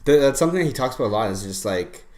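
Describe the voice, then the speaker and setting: A man's voice: medium pitch, expressive, racing, a little mellow. A young man co-hosting a casual podcast who talks in a rambling, profane way, full of fillers. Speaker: podcast co-host. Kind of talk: casual chat. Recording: roomy echo, faint background noise.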